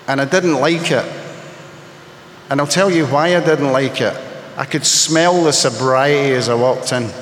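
A man's voice: medium pitch, measured pace, a bit bright, slight background noise. A man sharing his personal story at a recovery meeting, wry and self-mocking, with punchy comic timing. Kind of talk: humorous personal storytelling to an audience. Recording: echoey hall with faint ambience.

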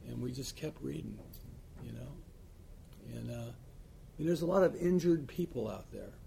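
A man with a gravelly, creaky voice speaks as a recovery sponsor in loose, rambling chat. He talks bluntly, with plenty of fillers and asides. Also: medium pitch, animated, normal speed, mellow, slight background noise. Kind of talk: casual chat.

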